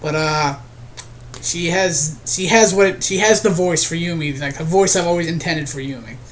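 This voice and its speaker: Young male creator, casual vlog update, slightly high voice, faint room hiss, earnest and rambling. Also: moderate pace. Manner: rambling, restarts often, earnest. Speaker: video creator.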